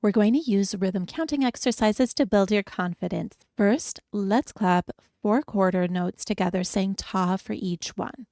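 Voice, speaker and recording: A woman piano teacher giving a beginner lesson, encouraging and explaining each step clearly. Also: medium pitch, moderate pace, few pauses, darkish tone, no echo, clean studio sound. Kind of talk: friendly beginner music lesson.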